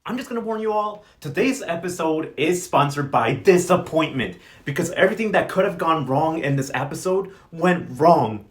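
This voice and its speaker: A man's voice: fairly high pitch, expressive, moderate pace, few pauses. A man giving a casual telenovela recap, sassy and slangy, telling the story with dramatic flair. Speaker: recap vlogger.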